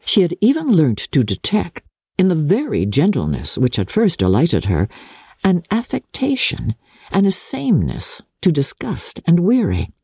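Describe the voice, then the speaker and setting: A woman's voice: fairly low pitch, a little slow, breathy edge, no echo, clean studio sound. A woman giving a dramatic, theatrical reading of a classic novel as narrator. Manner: expressive, theatrical storytelling.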